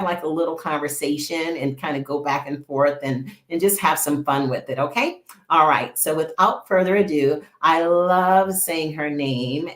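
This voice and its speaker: A woman hosting a live online show on a video call, upbeat and chatty, often repeating her words. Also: low-pitched. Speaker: host. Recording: echoey room.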